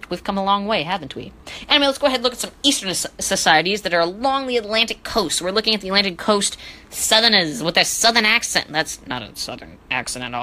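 Bright-voiced woman teaching history casually. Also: on the low side, poor audio. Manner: joking, self-deprecating asides; stumbles over names. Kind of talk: casual educational podcast.

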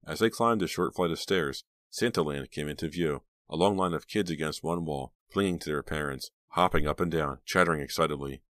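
A man narrating an audiobook in a steady, measured storytelling manner on a close mic. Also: a bass voice, no echo. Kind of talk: scripted narration.

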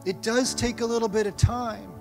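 Middle-aged male pastor, high voice, animated storyteller, faint music behind. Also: normal speed, creaky. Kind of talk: sermon. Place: church sanctuary.

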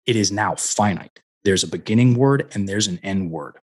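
A middle-aged man, a personal development coach, guests on a podcast interview using a headset mic. His voice sits on the low side at a moderate pace, and he tells stories animatedly, acting out the dialogue.

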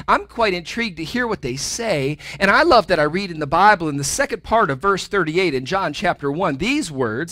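A man's voice: high-pitched, pushed and bright, no room sound. A man preaching a sermon to a church congregation, talking in a conversational way and adding playful asides. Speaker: pastor. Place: church sanctuary.

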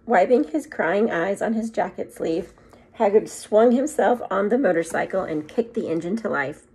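A woman, a second grade teacher, reading a children's book aloud in a gentle, expressive storytelling manner. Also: medium pitch, moderate pace, slightly rough.

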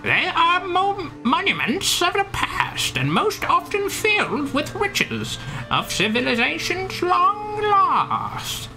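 A man voicing a talkative raven guide, reading its advice in a slow, drawn-out, lofty manner. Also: very high voice, wildly swooping pitch, over music, pitched above the performer's own voice, heavily acted. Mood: solemn. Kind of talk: reading game text aloud in a voice.

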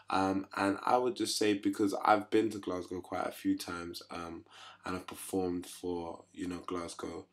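A young man speaks in a low, fairly even voice, chatting casually to the camera in his home kitchen. His delivery is easygoing and upbeat, with a friendly, apologetic promo tone. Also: fairly quick. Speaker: musician promoting a tour. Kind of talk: casual video diary.

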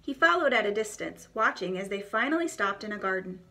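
Bright expressive woman storyteller. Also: mid-range voice, fairly quick. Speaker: children's devotion storyteller. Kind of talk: reading a children's storybook aloud.

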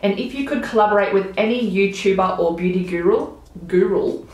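A woman's voice: medium pitch, brisk, a little mellow, muffled recording. A young woman, chatting casually to camera as a beauty vlogger while doing her makeup, gushing and bubbly, trailing off into mumbles at the ends of phrases. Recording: very echoey room.

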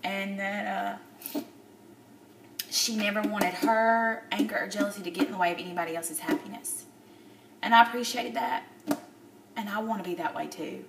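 Woman in her thirties, tearful video diary, halting, lots of fillers; roomy echo, mic set back. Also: medium pitch, gravelly, recorded from a distance, crowd noise. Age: 30s. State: upset, near tears. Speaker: vlogger.

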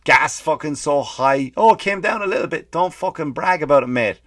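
A man hosting a comedy podcast, ranting quickly and emphatically with lots of swearing and repeated phrases. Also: fairly high pitch, expressive, a bit bright, dry recording, clean studio sound. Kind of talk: comedic rant.

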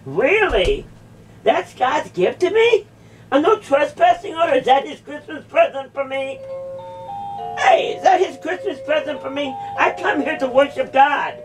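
A woman's voice: high voice, big pitch swings, measured pace, over music. A woman in a heated confrontation in a church, incredulous and repeating her questions again and again. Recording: voice distant from the mic.

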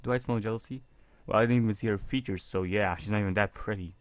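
A man reading a visual novel aloud in a casual, halting way with jokey asides. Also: fairly low pitch, dry recording. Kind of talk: casual game reading with commentary.

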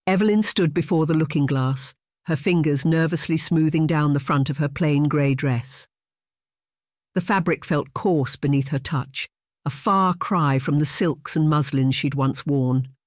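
An audiobook narrator reading a romance novel in a measured, even storytelling voice. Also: medium pitch, no echo, studio quality.

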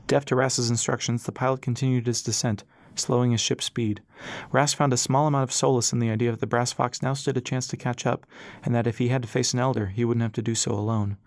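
A man reading an audiobook as narrator, in a steady storytelling manner. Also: mid-range voice, fast talker, dry recording.

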